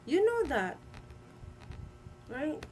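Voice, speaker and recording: Emphatic high-voiced woman streamer. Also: big pitch swings, a little mellow, slight background noise, poor audio. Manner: emphatic, repeats herself, halting with fillers. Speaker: livestream host. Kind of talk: live-stream commentary.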